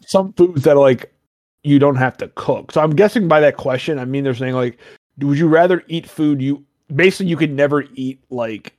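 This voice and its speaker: A man hosts a podcast in a fairly high, slightly mellow voice at normal speed, recorded clean in a studio with no room sound. He chats casually, rambling, cracking jokey asides and swearing a lot.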